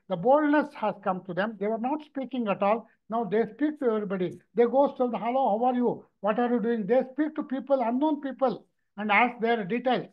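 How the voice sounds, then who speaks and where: Animated man, dull lo-fi sound. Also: sits high. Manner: animated storytelling, frequent repetitions and restarts. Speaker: mridangam teacher and therapist. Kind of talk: lecture with anecdotes. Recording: dull lo-fi recording.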